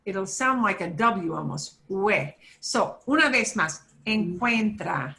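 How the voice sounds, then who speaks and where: A woman teaching a beginner Spanish class, slowly sounding out each word for her students to repeat. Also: mid-range voice, animated, creaky, pushed and bright. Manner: slow, drawn-out modeling of words for students to repeat. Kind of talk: beginner language lesson.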